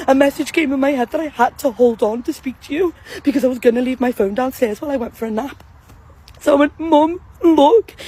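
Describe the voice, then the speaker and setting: A woman with a high-pitched voice films herself on her phone outdoors at a graveside, and the recording quality is low. Crying and shaking, she breathlessly and tearfully tells viewers straight to camera what just happened in an emotional vlog.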